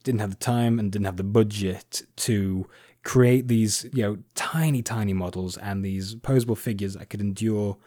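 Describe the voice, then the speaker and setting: A man's voice: fairly low pitch, normal speed, warm tone, dry recording, studio quality. A man hosting a casual podcast chat, explaining at length with frequent fillers and restarts. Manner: rambling, many fillers and restarts. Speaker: podcast host.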